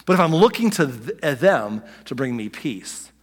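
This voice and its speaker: A man's voice: medium pitch, big pitch swings, normal speed, in a large hall. A male pastor delivering a conversational sermon, full of asides, restarts and quoted voices.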